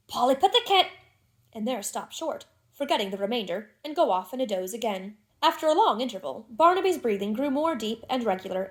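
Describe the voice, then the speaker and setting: Woman reading a classic novel aloud. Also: on the high side. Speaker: audiobook narrator. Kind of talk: scripted narration of a classic novel.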